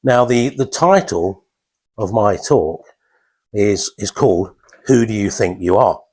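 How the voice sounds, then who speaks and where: Slow-spoken middle-aged man giving a talk. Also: fairly low pitch, animated, a little mellow, slightly rough. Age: 50s. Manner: halting, many restarts and fillers. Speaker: speaker giving his first talk. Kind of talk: informal talk to a small audience. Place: small cozy lounge.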